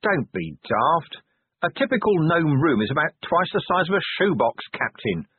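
A man's voice: on the high side, very animated, normal speed, slightly rough, voice pushed up. A man voicing a blunt, cynical middle-aged police commander in an audiobook. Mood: gruff. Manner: blunt and cynical, sharp retorts. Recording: tinny narrow-band audio.

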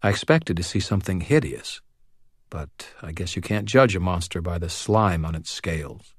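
A man with a very low voice narrates a first-person story in a measured, wry way. The sound is dry and close, with no room around it. His tone stays steady and even. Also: slightly rough, dry recording. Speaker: audiobook narrator.

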